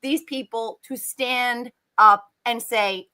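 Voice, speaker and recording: A woman's voice: a little high, steady tone, slow, hardly any pauses, sharp tone, clean tone. A woman co-hosting casual political chat, emphatic and indignant. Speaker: podcast co-host.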